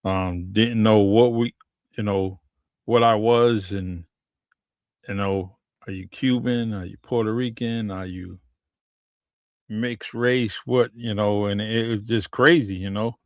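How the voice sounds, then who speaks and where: Relaxed low-voiced male podcast host. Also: takes it slowly, no echo. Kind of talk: casual chat.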